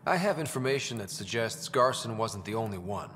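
A man's voice: lowish voice, expressive, fairly quick, a bit bright, a little hiss or hum. An actor voicing a young male pathfinder hero who asks questions in a level, inquisitive way. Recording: game audio with long reverb.

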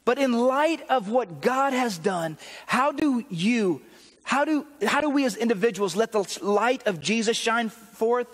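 A man's voice: very high voice, lively intonation, measured pace, big-room sound. A man preaching a sermon as pastor, earnest and encouraging, often repeating his phrases. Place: church sanctuary.

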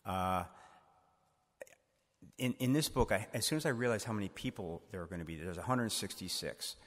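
A man's voice: fairly low pitch, normal speed. A male author answering audience questions at a book event in a church, thoughtful and wry, often poking fun at himself. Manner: thoughtful, wry, self-deprecating. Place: church used as event hall. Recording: echoey hall reverb.

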